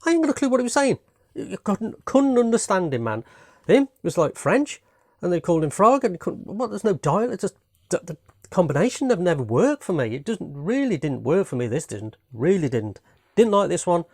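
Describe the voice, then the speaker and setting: A man's voice: high voice, very animated, moderate pace, gravelly, dry recording, studio quality. A man from Britain casually reviewing his latest home movie watches, rambling and enthusiastic, peppering his talk with "man" and "you know what I mean".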